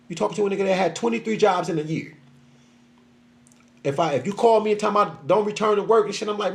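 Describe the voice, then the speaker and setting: A man's voice: high voice, lively intonation, brisk, creaky. A middle-aged man venting in a casual, profane monologue, often acting out what other people said to him. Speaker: social media creator.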